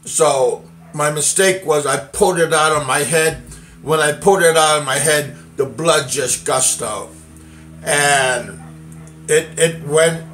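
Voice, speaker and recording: A middle-aged man from the United States telling a personal story in a casual, halting way, with many fillers and restarts. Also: on the high side, fairly bright tone, slight background noise.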